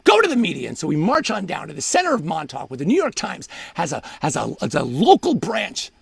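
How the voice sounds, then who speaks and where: A man's voice: fairly high pitch, huge pitch swings, fairly quick, vocal fry, breathy edge, no room sound. A man telling a comic personal story as a solo live performer, rambling and restarting his sentences, and turning into a heated rant. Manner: rambling, self-interrupting delivery with many restarts; grows heated and ranting in the political part. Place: at home, performed live online.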